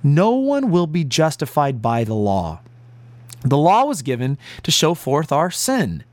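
Male preacher, earnest and emphatic, animated delivery, dry recording. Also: fairly high pitch, measured pace, no echo. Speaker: pastor. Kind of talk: sermon. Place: broadcast to listeners at home and on the road.

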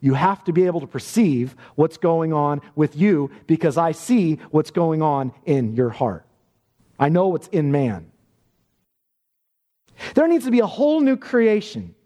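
Male preacher, high-pitched and animated, warm mellow tone, emphatic sermon delivery in a reverberant church. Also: a little slow.

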